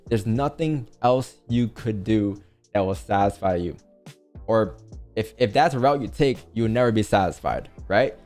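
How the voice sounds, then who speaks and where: A man hosting a casual livestream, coaching viewers with rapid rhetorical questions. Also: fairly low pitch, a little mellow. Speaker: livestream trading host.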